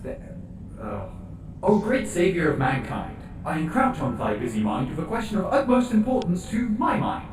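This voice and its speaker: A man's voice: a little high, sing-song, normal speed, over music. A man playing an exasperated, foul-mouthed male palace guard in a comedy animation. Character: hot-tempered male palace guard reading letters. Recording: echoey, distant from mic.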